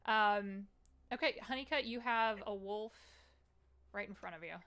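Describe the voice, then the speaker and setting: A woman's voice: medium pitch, measured pace, bright, forceful tone, clear, resonant tone. A woman narrating a tabletop game as game master, chatty and upbeat, laughing often.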